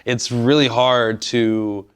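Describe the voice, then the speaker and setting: A man interviewing a guest in relaxed, casual conversation, with lots of "like" and "you know.". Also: medium pitch, slow pace, clear, resonant tone. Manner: relaxed, filler-heavy, rambling talk.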